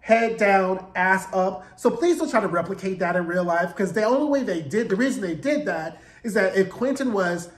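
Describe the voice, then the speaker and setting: Brief: high-pitched man, sassy profane TV recap vlogger, echoey room sound. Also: normal speed, few pauses. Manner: sassy, profane, acts out quotes in voices. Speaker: TV episode recapper. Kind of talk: casual TV recap commentary.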